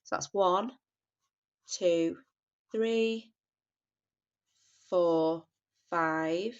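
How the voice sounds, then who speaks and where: A budgeting vlogger in her thirties from the North West of England, with a Northern English accent, chats casually and apologetically about her spending, often restarting and saying sorry. Her fairly low voice is smooth with drawn-out words, though a cold leaves her nasal and bunged up. The home recording is dull and lo-fi.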